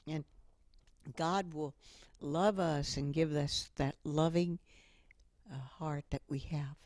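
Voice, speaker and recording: A middle-aged woman giving a motivational talk with stories, speaking slowly and deliberately. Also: deep voice, steady tone, a little mellow, no echo. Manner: slow and deliberate, with acted quotes. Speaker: inspirational speaker.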